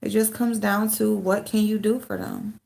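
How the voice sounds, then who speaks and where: A woman's voice: medium pitch, fairly even intonation, normal speed, gravelly, a little mellow. A middle-aged woman venting in casual livestream chat, frank and loose, swearing freely as she talks to viewers. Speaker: livestream host.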